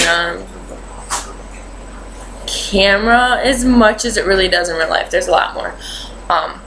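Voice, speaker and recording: A woman's voice: mid-range voice, fairly bright tone, slight background noise, poor audio. A young adult woman vlogging in a chatty, rambling way, with lots of fillers as she tells a story. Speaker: beauty vlogger. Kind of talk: casual chat.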